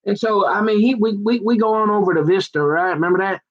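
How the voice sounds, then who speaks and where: A middle-aged man chatting away in a loose, digressive ramble full of folksy phrasing. His voice sits a little higher than most men's. The recording is dull and lo-fi. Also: a little fast, hardly any pauses. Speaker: vlogger. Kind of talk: rambling casual chat.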